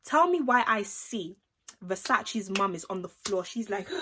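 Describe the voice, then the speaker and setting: A young woman telling an animated, slangy story in a casual vlog, acting out the people she talks about. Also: mid-range voice, a little slow, very noisy. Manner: animated, acts out the voices of the people in her story; slangy, chatty, with lots of "like" and "innit". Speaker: vlogger.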